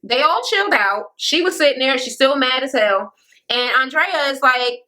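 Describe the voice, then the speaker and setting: A woman's voice: high-pitched, lively intonation, normal speed, pushed and bright. A woman recapping a reality show in a blunt, profane rant, mimicking the people she quotes.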